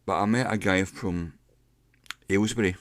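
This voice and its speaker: A middle-aged man giving a casual pronunciation lesson, explaining step by step and slowing down to demonstrate sounds. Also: low-pitched, fairly even intonation, no echo, clean studio sound. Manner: unhurried, explains step by step with slowed demonstration words. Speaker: English pronunciation teacher.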